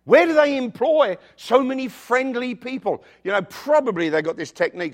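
A male pastor preaching a sermon, telling personal stories in an animated, emphatic way with jokey asides. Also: very high-pitched, normal speed, hardly any pauses. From outside the United States.

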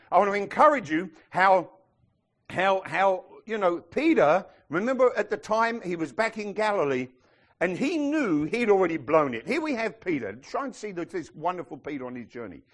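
A man preaching a sermon to his congregation, animated and sometimes shouting as he acts out the people in his stories. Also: sits high, moderate pace. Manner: animated, acts out quoted voices, some shouting.

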